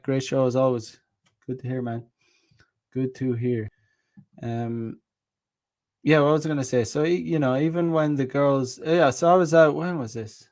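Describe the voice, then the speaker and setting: A man hosting his own channel, telling a dating story in a rambling, casual monologue with frequent restarts, swearing and short laughs. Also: mid-range voice. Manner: reads out viewer comments. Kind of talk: casual monologue with reenacted dialogue.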